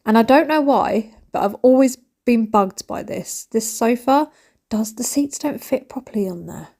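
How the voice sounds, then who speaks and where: A woman's voice: a little high, expressive, moderate pace, creaky, warm tone. A woman in her thirties, chatting casually and mocking herself with rambling asides while she cleans her home. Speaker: cleaning vlogger.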